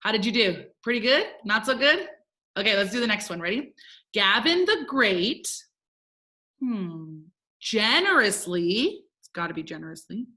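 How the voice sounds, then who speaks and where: A woman's voice: mid-range voice, fairly quick, pushed and bright. A woman teaching a first grade phonics lesson, upbeat and encouraging as she talks to young children. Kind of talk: recorded remote phonics lesson.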